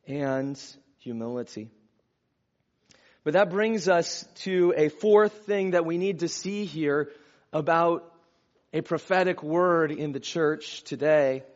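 High-voiced man preaching a sermon. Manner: conversational, with warm asides and chuckles. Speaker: pastor. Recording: dull lo-fi sound.

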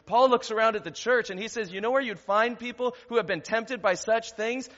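A male pastor delivering a sermon, asking rhetorical questions and building to loud, emphatic stretches. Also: very high-pitched, brisk, few pauses. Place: church sanctuary. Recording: long reverb, dull lo-fi church recording.

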